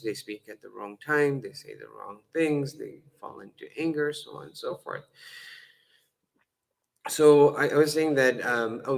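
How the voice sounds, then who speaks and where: Man giving a religious lecture, chatty, acts out little scenes, average pitch. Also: gravelly, poor audio. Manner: conversational and humorous, frequent fillers and self-corrections; acts out dialogue with changing voices. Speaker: Islamic lecturer. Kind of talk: lecture-style sermon.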